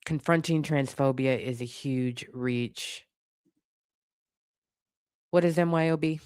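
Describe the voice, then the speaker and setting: A woman hosting a live stream in casual chat, laughing often and breaking into loud exclamations. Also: very deep voice, takes it slowly, smooth, no echo, studio quality. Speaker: livestream host.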